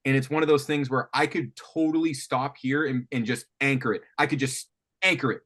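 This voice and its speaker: A man coaching a student on writing guitar riffs, thinking aloud with lots of restarts and animated talk. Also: medium pitch, brisk. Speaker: music coach. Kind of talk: teaching songwriting on a call. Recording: faint guitar music behind.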